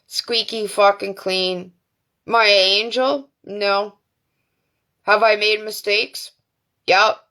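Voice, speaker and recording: Slow-talking profane woman ranting. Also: mid-range voice, steady tone, sharp tone. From Canada. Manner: profane and defiant, many fillers. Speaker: livestream host. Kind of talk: angry livestream rant. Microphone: phone or webcam on a live stream.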